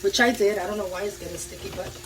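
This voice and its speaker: A woman with a medium-pitched voice races through narrating her home cooking for viewers, chatty and enthusiastic at the kitchen stove. Food sizzles in the pan, with a little hiss or hum in the audio.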